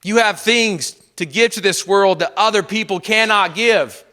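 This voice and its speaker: A man giving a motivational speech to an audience, telling a personal story with repeated refrains and swinging from loud emphatic bursts to hushed lines. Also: high voice, moderate pace. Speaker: motivational speaker.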